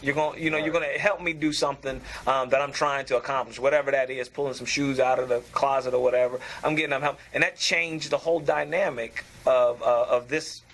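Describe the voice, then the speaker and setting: A man's voice: mid-range voice, fairly even intonation, a little fast, few pauses, fairly bright tone. A man in a barbershop group talk, explaining his ideas on communication in a thoughtful way. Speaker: barbershop discussion participant. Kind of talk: casual group chat.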